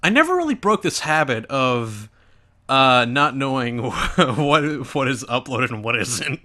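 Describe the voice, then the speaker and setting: A man's voice: mid-range voice, sing-song, measured pace, sharp tone. A young man hosting a gaming channel, giving rambling, self-mocking commentary over an old video of himself.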